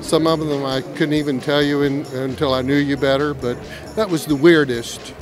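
A man with a slightly high voice tells wry, rambling anecdotes at a travel expo. Clear music plays behind him. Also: steady tone, normal speed. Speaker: interviewee. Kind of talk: casual joking chat. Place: busy travel expo hall.

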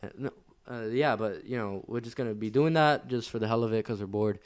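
A man's voice: lowish voice, fairly quick. A man co-hosting a casual podcast, rambling with lots of "like" and casual swearing. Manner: rambling, many fillers and restarts, swears casually. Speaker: podcast co-host. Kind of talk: casual chat.

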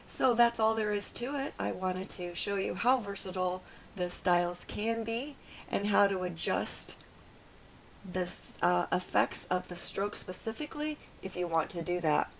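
A woman with a raspy voice today, calmly walking viewers through a step-by-step software tutorial. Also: mid-range voice, unhurried, slight background noise, poor audio. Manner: calm, explanatory, with frequent fillers.

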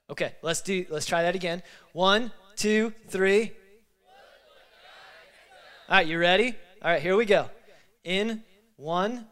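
A man's voice: high-pitched, a little slow, a bit bright. A male pastor giving closing remarks at a church service, emotional and rallying the congregation, his nose stuffy from crying. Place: church sanctuary.

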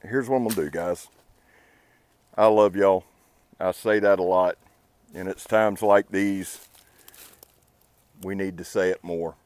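A man with a fairly low voice, talking to his viewers in a heartfelt, laid-back way. The sound is dry and close. He tends a campfire as he speaks. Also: steady tone, a little slow, pauses often, darkish tone, no room sound. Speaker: outdoor channel host. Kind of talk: casual talk to camera by a fire. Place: outdoors at a campfire.

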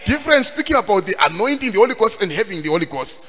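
A man preaching a sermon, emphatic and sing-song, rising at times to shouts. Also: high voice, very animated, very fast. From Zimbabwe. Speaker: pastor. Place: church hall. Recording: long hall reverb.

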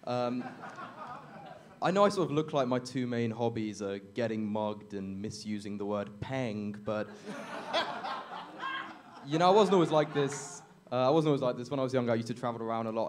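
A man's voice: medium pitch, lively intonation, a little fast, background noise. A young man doing a stand-up comedy set on a club stage, awkward and self-deprecating, chuckling at his own jokes into a handheld mic.

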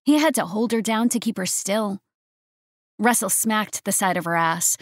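A woman narrating a romance audiobook in a steady, even reading voice. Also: mid-range voice, moderate pace, no echo, studio quality.

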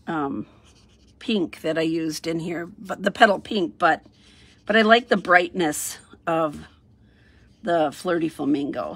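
A middle-aged woman talks through a stamping and coloring project in an easy, rambling way, narrating each step as she works. Her voice sits a little low and has a slightly husky edge. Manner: chatty, thinks aloud, sing-song "ta-da" while working. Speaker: craft demonstrator. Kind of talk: casual craft tutorial narration.

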